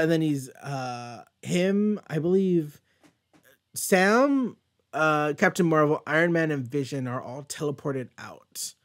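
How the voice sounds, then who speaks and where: A young man casually recapping a comic book, excited and rambling, swearing freely. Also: mid-range voice. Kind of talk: casual chat.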